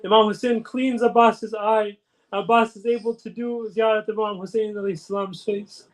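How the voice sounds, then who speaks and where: A male preacher recounts a sacred story with solemn, emotional narration. His voice sits unusually high for a man, and the story unfolds at a steady sermon pace. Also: normal speed, poor audio.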